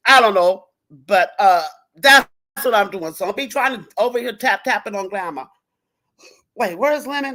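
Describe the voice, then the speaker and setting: A woman hosting a casual livestream, talking straight to her viewers in an animated, profane way. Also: on the high side, normal speed. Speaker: livestream host. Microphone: computer or phone mic on a live stream.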